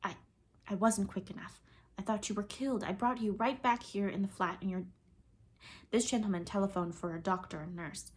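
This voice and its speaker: A woman's voice: medium pitch, fairly even intonation, normal speed, breathy edge, natural voice. A woman reading the lines of a caring young woman teacher who speaks soothingly and reassures a hurt child.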